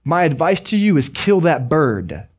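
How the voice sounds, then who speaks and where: A man preaching a sermon as a pastor, conversational and joking with quick asides. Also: on the high side, big pitch swings, a little mellow.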